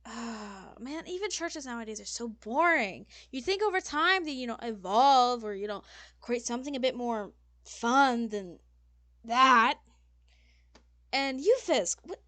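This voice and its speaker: A woman's voice: a little high, expressive, unhurried, fairly bright tone, no room sound, pitched above the performer's own voice. A woman voicing a flamboyant, snobbish male fashion designer lord who scolds in a fussy, dramatic way. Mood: scolding, dramatic.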